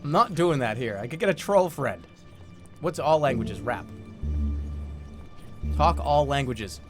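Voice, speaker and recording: Excitable, swearing man streaming a game. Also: fairly high pitch, normal speed, gravelly, pauses often, soft background music. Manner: excitable, swears, boastful self-mockery. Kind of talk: live gameplay commentary, reading game text aloud.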